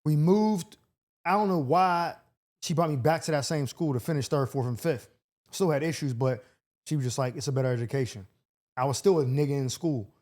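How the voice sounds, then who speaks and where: Man with a slightly high voice, hosting a podcast. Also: moderate pace. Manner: loose, loud reactions, frequent fillers. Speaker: host. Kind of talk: casual podcast chat.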